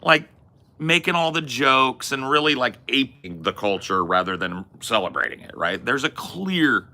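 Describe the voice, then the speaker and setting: A man's voice: medium pitch, expressive, moderate pace, bright, forceful tone. A man hosting a talk podcast, arguing his opinions emphatically with casual swearing. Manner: emphatic, swears, acts out quoted voices. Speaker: podcast host.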